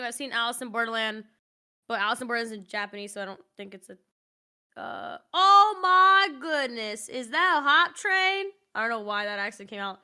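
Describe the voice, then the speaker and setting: Bright-voiced woman chatting on stream. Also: on the high side, smooth. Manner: rambling, many "like" fillers, laughs easily. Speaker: streamer co-host. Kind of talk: casual livestream chat.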